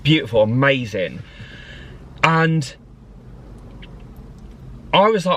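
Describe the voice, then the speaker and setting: A man's voice: medium pitch, measured pace, long pauses. A man, talking casually and rambling with lots of laughs in a vlog from his car. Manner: animated, rambling, laughs often. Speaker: vlogger.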